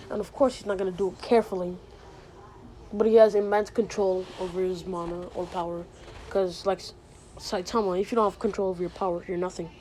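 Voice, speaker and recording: Rambling woman telling a story, mid-pitched. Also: dark tone, slight background noise, poor audio. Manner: rambling, lots of fillers and restarts. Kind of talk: casual retelling of a made-up story.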